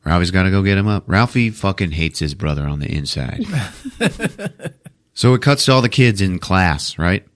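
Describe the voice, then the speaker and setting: A man's voice: very animated, normal speed. A man hosting a podcast, recapping a movie with profane jokes. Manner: profane, acts out characters in squeaky voices. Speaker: podcast host.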